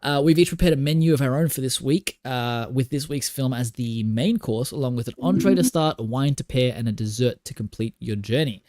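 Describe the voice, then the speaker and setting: A man's voice: mid-range voice, fairly quick, few pauses, darkish tone, dry recording, clean studio sound. Australian man co-hosting a film podcast. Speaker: podcast co-host. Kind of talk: casual chat.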